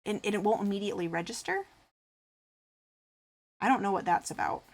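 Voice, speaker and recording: Brisk and mid-range, a woman's voice carries a craft stream where she chats loosely with viewers. She reads their comments aloud, replies to each, and rambles with lots of filler words.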